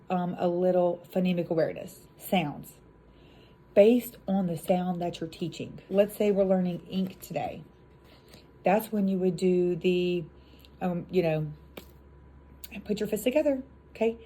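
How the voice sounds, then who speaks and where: An upbeat woman teacher in her thirties walks through a phonics routine in a casual, chatty way. Her voice sits fairly low and sounds warm and mellow. She slips into slow, stretched-out letter sounds as she shows how the classroom chants go. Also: poor audio. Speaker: elementary school teacher.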